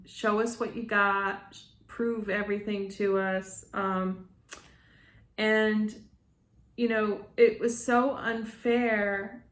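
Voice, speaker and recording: A woman's voice: mid-range voice, reverberant. A middle-aged woman channel host talking casually to her viewers, rambling with many restarts and calling them "you guys".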